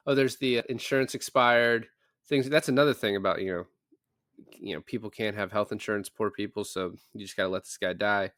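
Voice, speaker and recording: A podcast co-host chats casually about a movie, rambling, joking, and acting out the characters' lines. His low-ish voice is steady, a little fast, and fairly bright, recorded with clean studio sound and no room sound.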